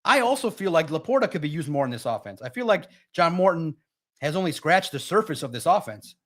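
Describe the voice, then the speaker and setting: A man's voice: on the high side, very animated, fairly quick, fairly bright tone. A man hosting a live sports stream, talking casually and with energy straight to his chat viewers. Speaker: sports livestream host.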